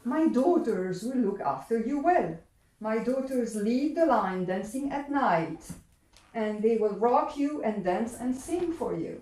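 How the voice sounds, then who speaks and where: A woman voicing a sinister supernatural king who slowly coaxes and lures a child. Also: on the high side, animated, warm tone. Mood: coaxing. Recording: roomy, from a distance.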